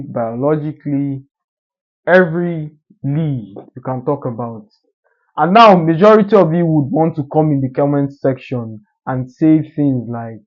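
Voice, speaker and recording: A man giving an assertive, emphatic motivational monologue in a lecturing manner. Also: mid-range voice. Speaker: social media commentator. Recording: dull lo-fi recording.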